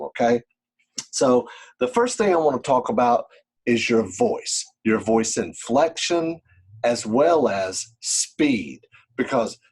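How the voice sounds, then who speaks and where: A man with a husky, slightly rough voice at a middle pitch explains real estate deals to camera in a relaxed, conversational way. He keeps checking in with the listener and sometimes acts out short phone calls to show what he means. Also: low-quality recording. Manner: conversational, often checks in with "right?" and "okay?"; demonstrates by acting out phone calls. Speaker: real estate investor teaching. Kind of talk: casual instructional talk to camera.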